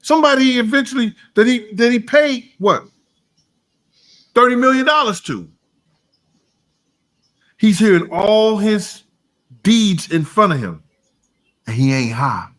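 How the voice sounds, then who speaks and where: A man's voice: expressive, measured pace, pauses often, a bit bright. A man co-hosting a casual reaction podcast, making his points emphatically and repeating himself. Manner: emphatic, repeats points, trails into low mumbling. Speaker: podcast co-host.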